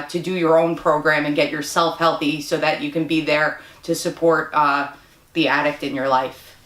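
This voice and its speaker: A woman guest giving sincere interview answers, with frequent pauses to gather her words. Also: sits low, fairly bright tone. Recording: roomy echo.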